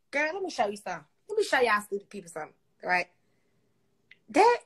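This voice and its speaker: Brief: loud-mouthed woman livestreaming from her phone, high bright voice, crude and mocking. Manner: brash, profane, mocking. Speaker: Instagram live host. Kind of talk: casual trash-talking livestream.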